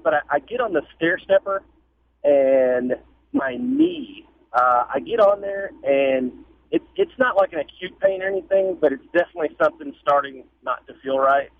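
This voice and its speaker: A man in his forties calls in to a radio show and talks in a lively, halting way, his pitch bouncing all over. He comes through a tinny phone line with a faint hiss behind him. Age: 40s. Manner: lively, halting, many fillers. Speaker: caller. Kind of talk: call-in radio chat.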